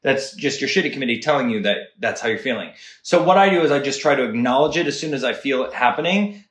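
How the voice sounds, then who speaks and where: Animated man chatting on a podcast. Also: mid-range voice. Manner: earnest, animated, talks fast with many "right?" asides. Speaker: guest. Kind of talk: casual podcast chat. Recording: roomy echo.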